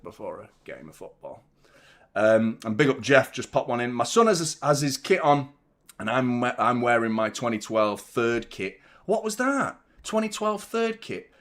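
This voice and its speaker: A man hosting a live football watchalong, chatting excitedly and nervously while reading out viewer messages from a hot glass-walled room. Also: medium pitch. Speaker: host of a football fan channel.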